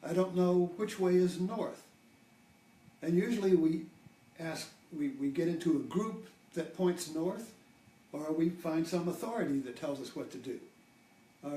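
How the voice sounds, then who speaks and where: A man's voice: on the high side, a little slow, mellow, far from the mic. An older man giving an informal spiritual talk, rambling and restarting his sentences often. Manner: rambling, with many restarts and fillers. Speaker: spiritual teacher. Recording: roomy, from off-mic.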